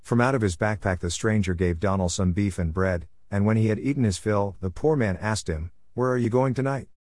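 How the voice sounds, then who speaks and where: Low-voiced man telling a folk tale. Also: a little fast, a little mellow, no echo, clean studio sound. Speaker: storyteller.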